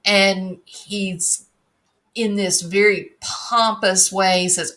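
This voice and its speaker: A woman's voice: mid-range voice, steady tone, takes it slowly, fairly bright tone. A woman giving blunt, scornful solo commentary, reading viewer comments and mocking the person she discusses. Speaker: true crime commentator.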